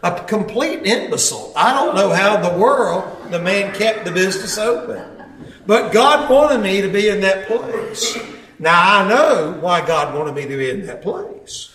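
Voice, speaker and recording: Guy preaching, high voice, tells stories folksy style, sounds far off in a big echoey church. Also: animated, a little slow, a little hiss or hum. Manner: folksy storyteller, acts out quotes with loud shouts. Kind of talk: sermon testimony storytelling. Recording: echoey hall, mic far off.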